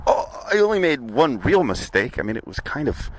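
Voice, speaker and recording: A man hosting a comedic audio journal, rambling in a halting, apologetic way with frequent stammers and restarts. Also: mid-range voice, very animated, slight background noise. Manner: apologetic, halting, stammering, with sudden sung outbursts. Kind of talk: rambling deadpan comedic monologue.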